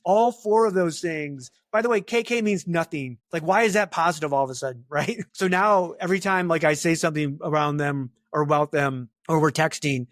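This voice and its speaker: Man, middle-aged, interview guest, chatty and lively, slightly high voice, dry close mic. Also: a little fast, few pauses, no room sound. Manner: chatty, animated, lots of fillers and asides. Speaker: talent acquisition leader, guest. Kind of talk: casual interview talk.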